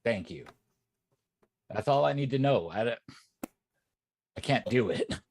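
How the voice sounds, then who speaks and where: A man's voice: mid-range voice, animated, a little slow, darkish tone. A man from rural Texas, a guest on a casual livestream, joking and rambling. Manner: jokey, rambling, self-deprecating. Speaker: stream guest.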